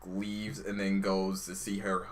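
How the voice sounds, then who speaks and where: A man's voice: sits low, monotone, slow pace. A man co-hosting a casual podcast chat in a laid-back way, laughing often. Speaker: podcast co-host.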